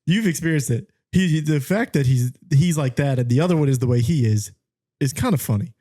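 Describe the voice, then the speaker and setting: A man's voice: on the high side, expressive, a little fast, dark tone. A man co-hosting a podcast, easygoing and chuckling often. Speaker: podcast co-host. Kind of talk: casual chat.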